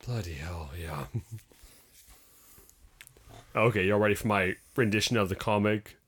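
A man's voice: lowish voice, measured pace, a bit bright, slightly rough. A man, co-hosting a casual podcast chat and laughing often. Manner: laughs often, reads a comic aloud with voices. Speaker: podcast co-host.

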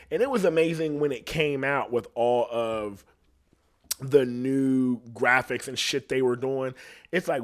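This podcast host, a man, rambles animatedly through casual comedy laced with cursing, his voice swinging between loud and soft and up and down in pitch. He keeps checking in with the listener, asking "you know what I'm saying."

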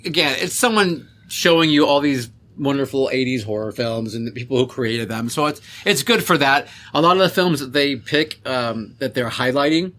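A man's voice: medium pitch, normal speed, hardly any pauses, fairly bright tone. A man co-hosting a podcast in casual chat, rambling with many restarts and frequent laughs. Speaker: podcast co-host. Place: California.

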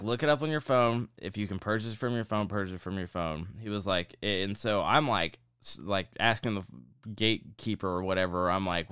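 A man's voice: low voice, fairly bright tone, smooth, no room sound, clean studio sound. A young man casually telling a long, profane story to a friend in a podcast chat. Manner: profane, rambling anecdote-telling.

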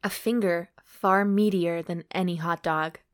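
A young woman co-hosting a comedy podcast, reading a racy story aloud in a deliberate, mock-serious tone. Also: fairly low pitch, fairly even intonation. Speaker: podcast co-host.

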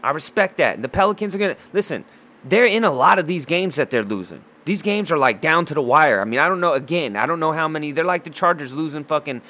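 A man's voice: a little high, lively intonation, fast talker, bright, forceful tone. A man ranting casually about basketball, heated and profane, full of trash talk, restarts and rambling asides. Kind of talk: casual sports rant.

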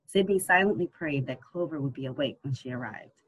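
An audiobook narrator tells a novel in a steady, even storytelling manner. The voice is husky and sits at a middling pitch. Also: fairly quick, poor audio. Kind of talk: scripted narration.

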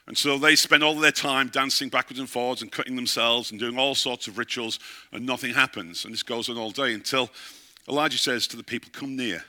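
A man's voice: medium pitch, steady tone, brisk, pushed and bright. A middle-aged man, a pastor, preaching a sermon and telling a story, often asking his listeners questions.

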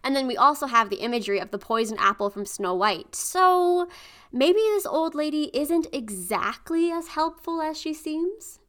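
A woman on a podcast explaining myths and fairy tale symbols in a fairly high voice. She talks in a thoughtful, informative way, with a casual tone. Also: very animated, moderate pace, fairly bright tone. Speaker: podcast co-host explaining folklore.

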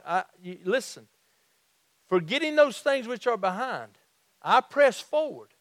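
A middle-aged man with a Southern accent preaching a sermon in a folksy way, restarting phrases and slowing down to stress his points. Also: high-pitched, very animated, fairly bright tone, dry recording, clean studio sound. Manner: folksy, repeats and restarts phrases, slows for emphasis. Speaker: pastor.

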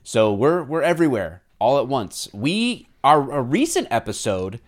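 A man in his thirties co-hosts a loose podcast chat at an ordinary, mid-range pitch. He jokes and rambles, often laughing at his own lines. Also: very animated, unhurried. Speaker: podcast co-host.

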